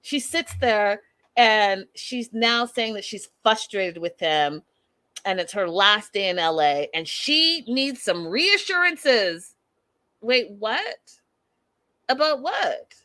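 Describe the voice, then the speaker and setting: Woman host, higher voice, dry close sound, animated sassy recap chat. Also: no echo. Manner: animated, sassy, acts out quotes. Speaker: host recapping a reality show. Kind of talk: casual recap commentary.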